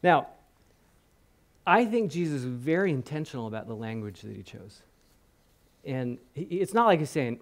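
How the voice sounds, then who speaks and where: A male pastor preaches a sermon in church at medium pitch and normal speed, pausing often. He animatedly retells scenes, voicing the crowd, acting out quotes, and slipping in chatty asides.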